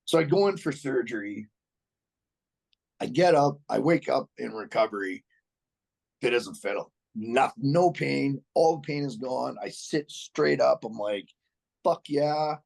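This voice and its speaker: A man's voice: mid-range voice, animated, a little slow, gravelly, a little mellow, poor audio. A man being interviewed as a podcast guest, telling a story casually and bluntly, swearing freely, restarting his sentences and chuckling along the way.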